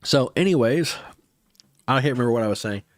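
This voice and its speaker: A man's voice: medium pitch, animated, brisk, no echo. A man hosting a casual livestream, chatting with viewers in a rambling, hesitant way with many restarts, his nose a bit stuffy. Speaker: livestream host.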